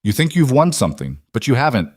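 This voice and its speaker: A man's voice: medium pitch, very animated, fast, dry recording, studio quality, voice pushed up. A man voicing a ruthless young male outlaw with a snarling, contemptuous way of talking, in a scripted story reading. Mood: menacing.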